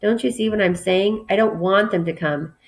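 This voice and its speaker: A woman reading a children's book aloud, voicing an upset, tearful teenage girl who talks quickly. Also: lightly acted. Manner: quick, sobbing, higher voice.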